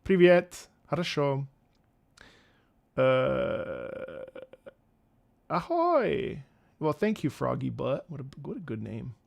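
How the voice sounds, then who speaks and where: A man's voice: medium pitch, sing-song, slow, gravelly, darkish tone. A man in his thirties, a streamer and opera singer, chatting casually and playfully with his viewers and stumbling through greetings in other languages. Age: 30s. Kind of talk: casual live-stream chat.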